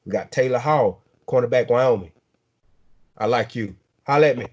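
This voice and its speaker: A man's voice: medium pitch, moderate pace, highs cut off. A man with a South Georgia accent hosting a casual sports talk show, drawling and repeating his words as he hypes up players. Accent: Southern American, South Georgia. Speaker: sports podcast host.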